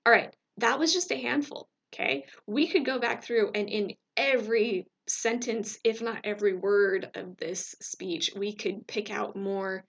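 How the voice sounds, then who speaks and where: A woman's voice: medium pitch, steady tone, measured pace, gravelly, hardly any pauses, fairly bright tone, dull audio. A woman teacher talking through a recorded lecture in a conversational way, checking in with "right?" and using fillers.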